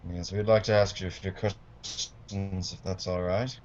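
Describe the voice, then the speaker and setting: A man's voice: deep voice, level tone, unhurried, a little mellow. A man playing in a tabletop game, asking questions in a polite, hesitant way. The audio is muffled and lo-fi. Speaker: player.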